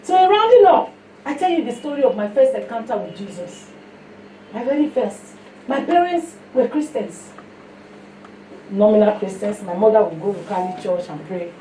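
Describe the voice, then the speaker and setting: A woman with a Nigerian accent giving a sermon mixed with her own testimony, telling stories in an animated way. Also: mid-range voice, moderate pace. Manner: storytelling, animated, breaks into song. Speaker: fellowship speaker. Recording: echoey room, mic heard from a distance, faint noise.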